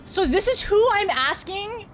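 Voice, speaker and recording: A woman's voice: very high voice, expressive, measured pace, a bit bright, soft background music. A young woman streaming a game, chatting casually with her viewers, flustered and often laughing. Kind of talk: casual live-stream chat while gaming.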